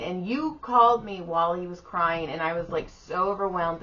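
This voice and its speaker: A woman's voice: lowish voice, normal speed. A middle-aged woman co-hosting a podcast, telling a tired, profane story in casual chat and acting out the people in it. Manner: profane, animated retelling with quoted voices. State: exhausted. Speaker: podcast co-host. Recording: slightly dull audio with faint room noise.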